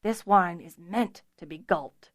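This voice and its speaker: A woman reading a genial, teasing male craftsman in a fantasy audiobook, pleasant and gently coaxing. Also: sits high, slow, no room sound, clean studio sound. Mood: jovial.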